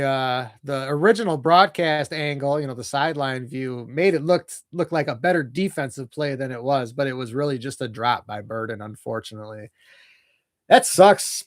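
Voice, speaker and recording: A young man giving nervous, excitable fan play-by-play of a football game, his voice jumping during big plays. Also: medium pitch, dry recording, clean studio sound. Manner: nervous, excitable, voice jumps when plays unfold. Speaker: fan commentator.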